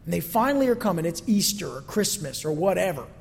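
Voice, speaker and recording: A man's voice: sits high, big pitch swings, fast talker, vocal fry, a little hiss or hum. A male pastor giving a conversational sermon that is full of rhetorical questions, recorded in a church sanctuary. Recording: long reverb from a hall.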